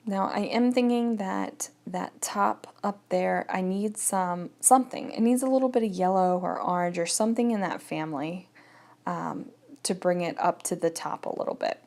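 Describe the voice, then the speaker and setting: A woman's voice: fairly low pitch, normal speed, vocal fry, darkish tone. A woman giving an easygoing, chatty voice-over of her crafting project, thinking aloud as she goes. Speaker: scrapbooking vlogger. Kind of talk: casual voice-over narration.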